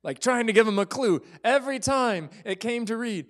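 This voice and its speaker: A man's voice: extremely high pitch, lively intonation, moderate pace, hardly any pauses. A man preaching a sermon as pastor in a church, telling stories and dropping to whispers for effect. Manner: storytelling, acts out quoted voices, drops to whispers.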